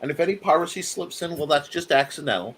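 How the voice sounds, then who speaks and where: Lively bright-voiced man hosting a chat. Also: fairly high pitch, quick pace, slight background noise. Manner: animated, laughing, frequent fillers and restarts. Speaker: host. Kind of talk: casual chat.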